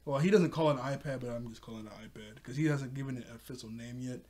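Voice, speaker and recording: A man's voice: mid-range voice, very fast, darkish tone. A man recapping a cartoon episode in a loose, rambling way, full of fillers like "like" and "you know", often chuckling. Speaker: TV show reviewer.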